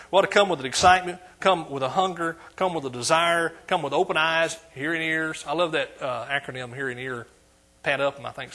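Preaching in a church, a man with an East Texas accent and a somewhat high voice calls out for amens. He moves back and forth between hushed asides and loud, emphatic moments.

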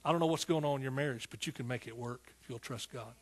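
Husky fervent preacher man. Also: mid-range voice, quick pace. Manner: fervent, rhythmic preaching with repeated calls to the congregation. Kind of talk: sermon.

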